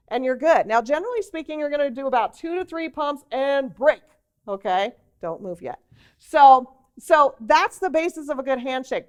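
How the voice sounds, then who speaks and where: A woman teaching a workshop on job interview skills, lively and conversational, with demonstrations and asides. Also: fairly high pitch. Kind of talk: workshop presentation to a group.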